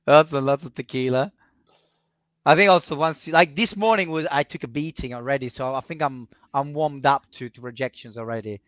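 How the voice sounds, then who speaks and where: A man's voice: medium pitch, a little fast, a bit bright, dry recording. A man with an Italian accent, a cold calling trainer, chatting casually and making sales calls over a video call, often laughing at himself and restarting his sentences. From Italy. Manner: laughs often, self-mocking, hesitant restarts. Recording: dull lo-fi dry call audio.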